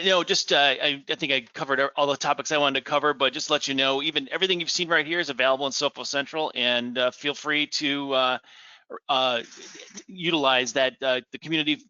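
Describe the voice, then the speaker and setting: Bright-voiced male demo presenter, fast and direct, dry muffled call audio. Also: mid-range voice, no room sound. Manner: talks fast, says he will slow down. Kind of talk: webinar explanation.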